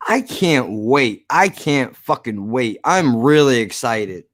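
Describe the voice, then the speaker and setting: A man's voice: mid-range voice, very animated, slow pace, fairly bright tone, no room sound, studio quality. Profane slurring man ranting. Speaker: podcast host. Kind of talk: casual rant to listeners.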